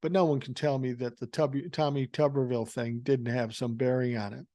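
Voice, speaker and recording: A man's voice: medium pitch, level tone, brisk, warm tone, no echo. An older man hosting a podcast, ranting through political commentary in a profane, sarcastic and mocking way. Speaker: podcast host.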